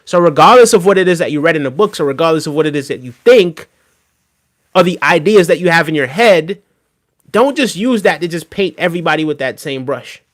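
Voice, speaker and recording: With a high-ish, expressive voice and a fairly quick delivery, a streamer comments on a video live and replies to his chat. He's emphatic and casual, and he often caps his points with "right?".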